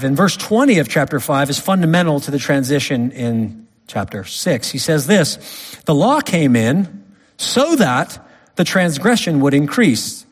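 A man preaching a sermon, emphatic, swinging from loud stresses to quiet drops. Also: a little high, slightly rough. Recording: long hall reverb.

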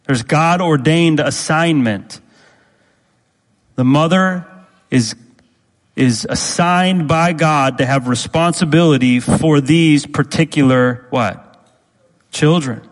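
A man preaching a sermon as pastor, speaking deliberately and repeating key phrases for emphasis. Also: a little high, big-room sound, low-quality recording.

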